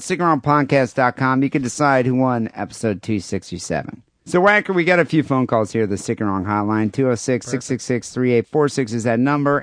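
A man's voice: mid-range voice, dry recording. A man co-hosting a podcast in crude, joking casual chat, often restarting words. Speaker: podcast co-host.

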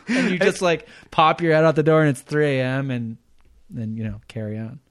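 A man's voice: fairly high pitch, normal speed, pauses often. Crude joking male podcast host. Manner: crude, joking, laughs often. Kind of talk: casual comedic chat.

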